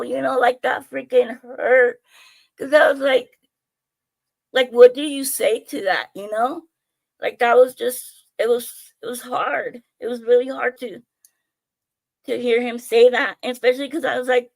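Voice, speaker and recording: Chatty high-voiced woman telling stories. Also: normal speed, creaky. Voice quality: animated, chatty, swears freely, self-mocking. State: out of breath. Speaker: live streamer. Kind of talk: casual storytelling to viewers.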